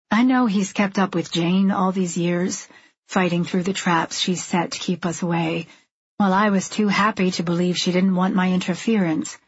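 A woman reading first-person fiction in an intimate, measured, confessional way. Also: lowish voice, husky, dry recording, muffled recording. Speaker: audiobook narrator. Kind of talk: scripted first-person narration.

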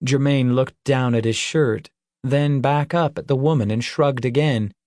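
A man narrating an audiobook in measured, even storytelling. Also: medium pitch, no room sound, studio quality.

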